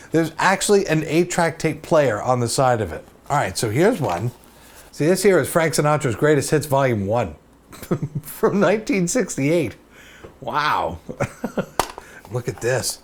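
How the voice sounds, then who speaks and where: A man in his fifties telling a story to camera as host, chatty and self-deprecating, with many asides. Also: a little high.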